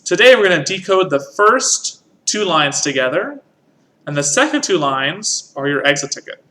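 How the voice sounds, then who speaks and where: A man's voice: fairly high pitch, big pitch swings, normal speed, sharp tone. A man teaching a music lesson, patiently explaining rhythm and counting in. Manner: patient, counts in and sings along.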